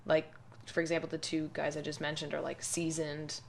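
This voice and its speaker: A woman's voice: deep voice, monotone, fairly quick, vocal fry. A woman speaking as a podcast guest, giving her opinions articulately in casual conversation. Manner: opinionated, articulate, laughs easily.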